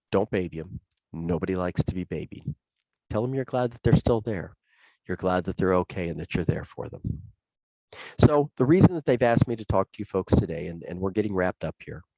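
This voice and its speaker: A man's voice: low voice, warm tone, no echo, low-quality recording. A man giving a plain-spoken, conversational talk on self-care, telling stories and repeating key points for emphasis. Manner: folksy, plain-spoken storytelling with emphatic repetition. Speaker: public safety speaker. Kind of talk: conversational presentation.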